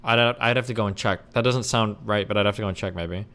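A man's voice: fairly low pitch, steady tone, fairly bright tone, smooth. A man co-hosting a talk show, blunt and swearing as he pushes back in a heated casual debate. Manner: rapid-fire, blunt, swears. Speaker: co-host.

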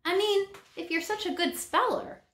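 A woman's voice: extremely high pitch, normal speed, a bit bright, pitched above the performer's own voice. A woman reading aloud and voicing a curious, skeptical young schoolboy asking questions. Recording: roomy echo.

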